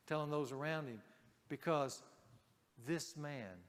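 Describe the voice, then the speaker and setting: A man preaching a sermon to a men's group, speaking emphatically and dropping to a hush on key points. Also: fairly high pitch, measured pace, long reverb tail, slight background noise.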